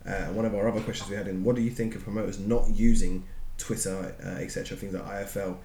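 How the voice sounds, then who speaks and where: A man's voice: fairly low pitch, little pitch movement, fast talker, warm tone. A man co-hosting a podcast, talking in a blunt, opinionated way and swearing freely. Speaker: podcast co-host. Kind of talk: casual chat. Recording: roomy room with faint noise.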